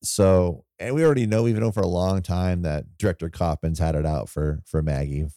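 Deep-voiced man chatting casually about a film. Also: moderate pace, no echo, clean studio sound. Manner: rambling, animated retelling with laughs and quoted asides. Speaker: podcast co-host.

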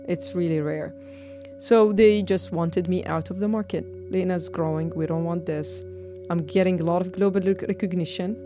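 A woman from Jordan in her thirties, telling personal stories in an interview and acting out the dialogue in them. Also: lowish voice. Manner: animated, acts out dialogue, frequent laughs. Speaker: martial arts studio founder.

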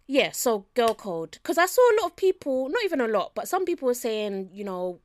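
A woman co-hosting a podcast in casual chat, chatty and quick to laugh. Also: a little high, very animated.

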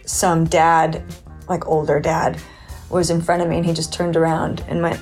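A woman's voice: on the low side, fairly quick, soft background music. A woman being interviewed as a guest actress, telling a story with amusement. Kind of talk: casual interview chat.

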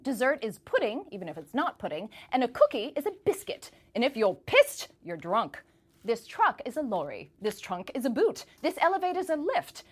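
A woman correspondent in her thirties giving a playful scripted news commentary, slipping into a mock-British accent. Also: a little high.

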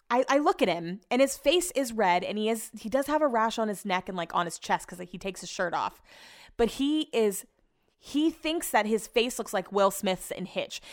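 A young woman casually telling viewers a funny story, chatty, laughing often and swearing freely. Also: medium pitch. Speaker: vlogger.

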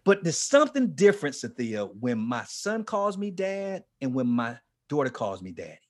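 A man in his forties, a ministry leader, telling his life story with strong emotion, dropping to a hush and then rising almost to a shout. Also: medium pitch, wildly swooping pitch, moderate pace. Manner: passionate, swings from hushed to near-shouting. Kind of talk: emotional testimony in an interview.

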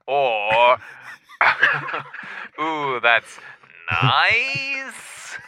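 A man's voice: fairly low pitch, a little slow, sharp tone, a little hiss or hum, rough recording. A man playing a fellow traveller on a moon voyage, amused and playful, often chuckling in an improvised comedy call-in.

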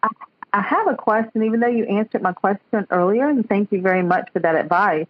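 A Southern woman calls in to a radio show, speaking softly and hesitantly and laughing often. Her voice is husky. She comes through a dull, dry phone line. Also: medium pitch, brisk, no echo. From North Carolina. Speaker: caller.

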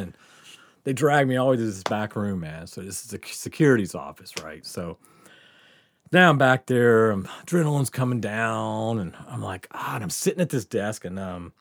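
A man's voice: medium pitch, dry recording. A man hosting a podcast, telling a story in casual chat, laughing often and swearing freely. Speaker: podcast host.

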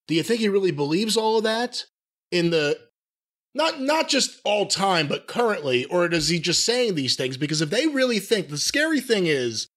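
A man's voice: fairly high pitch, a bit bright. A man co-hosting a podcast in casual chat, wry and asking pointed questions. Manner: wry, asks questions, mimics voices. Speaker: podcast co-host.

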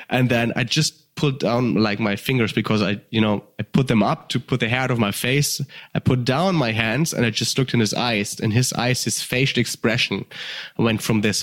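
Animated German man telling a wild story. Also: a little fast. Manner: animated, acts out voices with sudden high pitch jumps; swears freely, many fillers. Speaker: guest. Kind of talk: casual storytelling.

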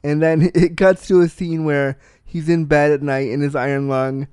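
A man's voice: a little high, little pitch movement, normal speed, a little mellow, clear, resonant tone, no echo. Blunt, profane man chatting about a film. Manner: blunt, profane, self-deprecating storyteller. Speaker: film reviewer. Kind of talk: candid casual film review.

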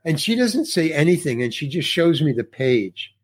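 Middle-aged guy telling an on-set story, kinda high voice, swings all over, does everyone's lines. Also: normal speed, slightly rough. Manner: animated storyteller who acts out the other people's lines. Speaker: actor guest. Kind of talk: conversational anecdote.

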